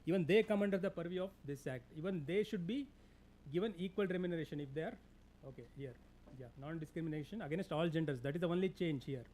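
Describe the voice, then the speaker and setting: A man with an Indian English accent giving a classroom lecture, halting with fillers and restarts and telling students what to underline. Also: on the high side, darkish tone, a little hiss or hum. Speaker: lecturer on labour law. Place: lecture hall.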